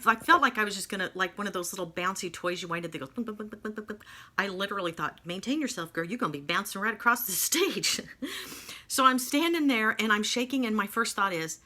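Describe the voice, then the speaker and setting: A woman telling a personal faith testimony, emotional and animated, with folksy asides. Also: mid-range voice. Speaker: speaker sharing faith testimony.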